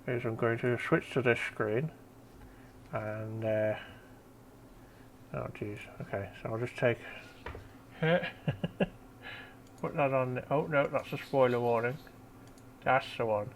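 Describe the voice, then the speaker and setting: A man's voice: medium pitch, steady tone, slow, creaky, pauses often, a little hiss or hum. A man hosting a casual painting stream, chatty and loose, swearing now and then and fumbling with his setup. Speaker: stream host. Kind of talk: casual chat while painting.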